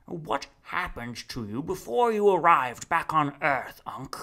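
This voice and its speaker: A man's voice: sing-song, slow, sharp tone, heavily acted. A man voicing a grandiose, preaching figure who lectures a crowd in solemn, declamatory tones. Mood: questioning. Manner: solemn, declamatory, booming calls.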